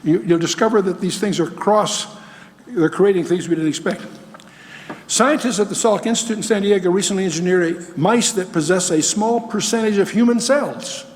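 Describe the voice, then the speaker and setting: An older man lectures on scripture to an audience in a folksy, questioning way, slipping in dry asides. His voice sits a little high for a man. The sound trails off into the long reverb of a large hall. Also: moderate pace, a little mellow. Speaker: Bible teacher.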